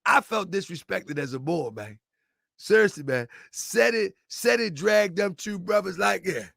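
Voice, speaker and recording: Unhurried and gravelly, a middle-aged man's voice sits high as he hosts a show, rambling animatedly, circling back to repeat points, and bursting into laughter. The sound is dry and clean, studio style.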